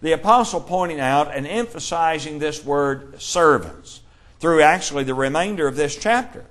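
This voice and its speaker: A man teaching a Bible class, explaining scripture in a measured way and reading verses aloud. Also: fairly high pitch, animated, a bit bright.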